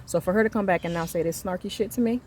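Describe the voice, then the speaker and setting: A woman in her thirties telling an angry story about her son's school, emphatic and reenacting the conversations, swinging between quiet and loud. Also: mid-range voice, racing, slight background noise. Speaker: mother venting on her channel. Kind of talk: heated storytelling rant.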